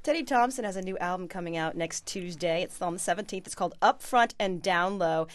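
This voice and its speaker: A woman hosting a radio show, introducing a guest and asking questions in a friendly manner, on a studio microphone. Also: lowish voice. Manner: friendly, laughs easily, quick questions.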